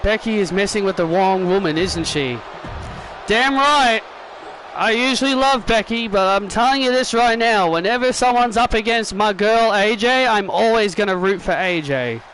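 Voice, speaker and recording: A young man giving excitable fan play-by-play commentary over a wrestling video game at home. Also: high-pitched, moderate pace, a little hiss or hum. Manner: excitable fan commentary, often calling out the action. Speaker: gaming YouTuber.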